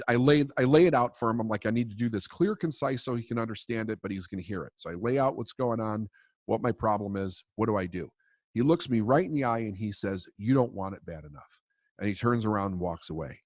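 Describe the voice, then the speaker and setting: A man's voice: on the low side, dry recording. A man coaching on mindset in a podcast interview, telling a story in a blunt, emphatic way and swearing freely.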